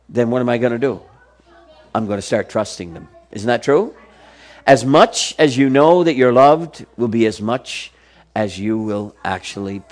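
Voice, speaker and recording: A man preaching a sermon, reading verse after verse of scripture and swinging between soft, slow passages and emphatic, rising exclamations. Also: medium pitch.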